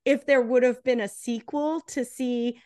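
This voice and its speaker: A woman's voice: a little high, fairly even intonation, measured pace, warm tone, smooth, dry recording. A woman co-hosting a casual movie review chat while drinking. She is inquisitive and keeps posing theories and questions about the story. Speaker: podcast co-host.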